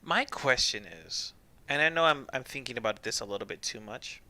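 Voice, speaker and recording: A man's voice: medium pitch, expressive, normal speed, sharp tone. A man streaming a game, chatting casually, joking and laughing often. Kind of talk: casual let's-play commentary.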